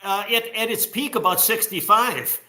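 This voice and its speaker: Hesitant, bright-voiced male guest. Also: high-pitched, normal speed. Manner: hesitant, repeats words, relaxed. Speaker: guest collector. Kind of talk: casual interview answers.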